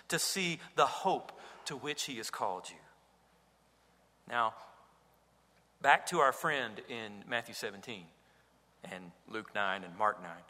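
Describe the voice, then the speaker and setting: A man's voice: a little high, sharp tone. A man preaching a sermon as pastor, earnest and rising to emphatic cries. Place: church sanctuary. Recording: reverberant hall.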